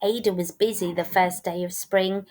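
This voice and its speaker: A woman teacher reading a rhyming picture book aloud with a rhythmic, expressive delivery. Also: medium pitch, normal speed. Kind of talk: storybook read-aloud.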